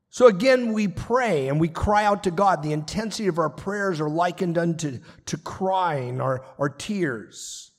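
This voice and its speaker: A man's voice: a little high, lively intonation, measured pace, breathy edge. A man pastor preaching a sermon, earnest and emphatic, repeating his points. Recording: long reverb of a large hall.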